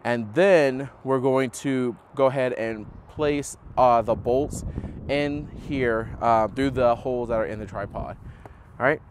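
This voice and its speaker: A young man hosting a how-to tutorial outdoors on a house roof, explaining in a relaxed way with many fillers. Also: mid-range voice, a little slow, slight background noise. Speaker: host of a setup tutorial. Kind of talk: casual how-to demonstration.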